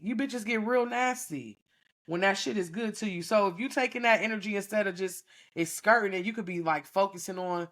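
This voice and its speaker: This woman speaks at a medium pitch, slightly fast and a bit bright. She hosts a podcast and is teaching a class, delivering a casual, preachy monologue full of frank, profane talk while often checking in with her listeners.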